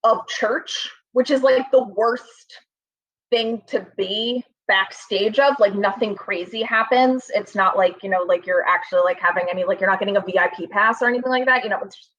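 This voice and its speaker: A woman's voice: mid-range voice, moderate pace, fairly bright tone. A young woman telling a funny personal story in a rambling, self-deprecating way, full of fillers. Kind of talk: comic storytelling. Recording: slightly dull, lo-fi sound.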